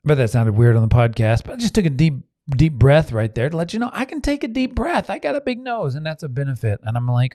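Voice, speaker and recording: A man's voice: fairly high pitch, sing-song, fast, few pauses, dark tone, no echo, clean studio sound. A man hosting a motivational podcast. He talks earnestly with restarts and asides to listeners, and sometimes acts out inner voices. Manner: frequent restarts and audience asides. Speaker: podcast host, self-help speaker.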